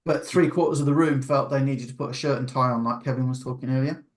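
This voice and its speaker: A man's voice: medium pitch, fairly even intonation, quick pace. A man hosting a video call, chatting casually and rambling with many restarts. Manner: rambling, restarts often, laughs easily. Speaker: meeting host.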